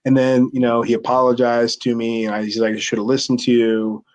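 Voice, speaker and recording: A man's voice: mid-range voice, fairly quick, muffled recording. Man telling a story in an interview. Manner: animated storyteller, acts out quotes with a raised voice, many restarts. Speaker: interview guest, former pro wrestler.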